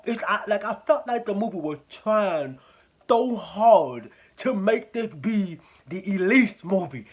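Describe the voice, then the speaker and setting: A man with a fairly high voice talks through a movie review in a loose, rambling way, swearing often and circling back over the same points. The sound is thin and narrow, close to a phone line. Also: lively intonation, unhurried, slightly rough. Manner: rambling, profane, repeats himself. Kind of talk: casual spoken movie review.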